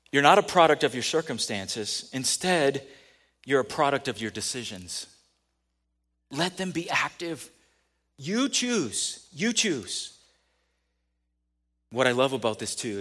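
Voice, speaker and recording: A man's voice: on the high side, a bit bright. A man preaching a sermon in a conversational way, building to emphatic peaks. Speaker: pastor.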